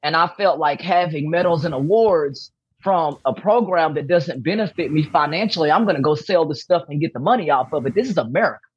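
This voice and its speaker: A woman's voice: deep voice, expressive, brisk, slightly rough, dry recording, dull audio. A woman giving a candid interview as a podcast guest, talking emphatically and repeating her key points. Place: room at home with posters behind.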